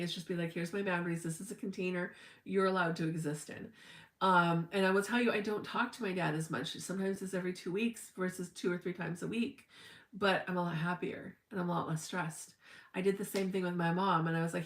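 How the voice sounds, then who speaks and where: A middle-aged woman with a fairly low, steady voice talks quickly while hosting a casual spiritual livestream in an echoey room. She is chatty and emphatic, a spiritual teacher who acts out the people she quotes.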